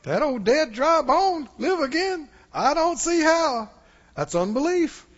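A man's voice: very high-pitched, big pitch swings, takes it slowly. A man preaching a sermon in a folksy way, acting out the voices of the people he quotes. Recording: muffled recording in a reverberant hall.

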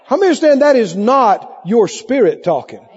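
A man preaching a sermon with lively delivery, playing out cravings in mock voices, recorded on a muffled tape in a hall. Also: very high voice, normal speed, breathy edge.

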